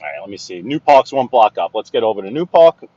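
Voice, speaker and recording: A man's voice: on the low side, very animated, fast, dark tone, slightly rough, muffled recording. Chatty New man driving. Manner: chatty, laughs at his own stories, repeats phrases. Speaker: vlogger driving through his neighborhood. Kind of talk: casual running commentary while driving. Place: inside a car on city streets. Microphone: phone.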